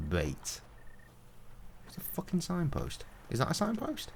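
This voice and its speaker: An English man in his thirties, streaming a game with sweary, jokey commentary and sudden loud outbursts. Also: low voice, sing-song, normal speed, creaky, slight background noise. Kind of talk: casual gaming commentary.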